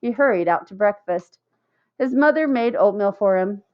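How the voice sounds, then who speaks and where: A woman narrating a children's novel in a clear, steady read-aloud way, in a slightly muffled recording. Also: medium pitch, moderate pace. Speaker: audiobook narrator. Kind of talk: scripted narration.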